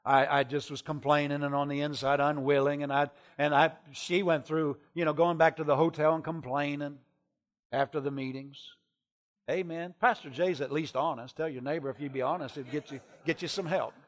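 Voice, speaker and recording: A middle-aged man preaches a sermon, telling a story from the road. His voice sits a little high, and he swings from hushed confession to full-throated shouting. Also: fairly even intonation, moderate pace. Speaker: traveling preacher.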